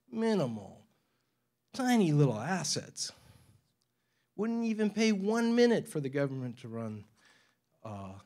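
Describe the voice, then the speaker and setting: A man giving a talk to a forum audience in a university lecture room. He tells his stories with energy and chuckles between points. His pitch sits at an ordinary middle level for a man. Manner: animated storyteller, acts out quoted voices, laughs often. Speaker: forum speaker.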